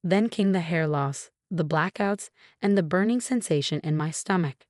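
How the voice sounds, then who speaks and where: A woman telling a first-person story in measured, scripted narration. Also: lowish voice, darkish tone, no echo, clean studio sound.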